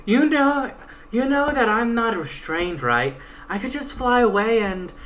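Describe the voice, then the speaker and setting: A flippant young pegasus mare, a college student with a mocking, sarcastic bite, put on by a woman. The voice is bright and lively, with a wide, bouncing pitch. It carries a faint noise in the background. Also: unhurried.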